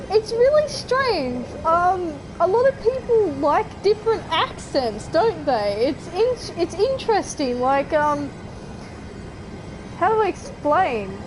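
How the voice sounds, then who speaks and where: An Australian woman with a high voice chats at an unhurried pace while she plays a game, rambling and giggling between thoughts. A clear hum of noise sits under her voice the whole time. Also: very animated. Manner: chatty, rambling, with frequent giggles and fillers. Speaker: gaming streamer. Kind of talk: casual chat while gaming.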